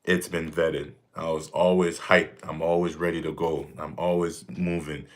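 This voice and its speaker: A man's voice: very deep voice, level tone, normal speed. A man in his thirties hosting a casual livestream Q&A, talking emphatically and repeating himself, breaking into jokes. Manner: emphatic, repetitive, joking, with bursts of mock voices. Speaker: fitness streamer answering viewer questions.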